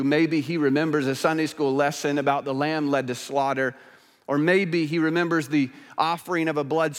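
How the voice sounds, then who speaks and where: Man preaching in a reverberant church. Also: on the high side. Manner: earnest preaching, shifting between emphatic and hushed. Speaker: pastor. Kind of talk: sermon. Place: church sanctuary.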